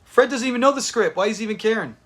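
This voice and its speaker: This livestream host, an adult with kids, has a very high-pitched, rapid-fire, somewhat bright voice. He reacts to a sitcom episode at a live watch party, talking with his viewers and laughing a lot.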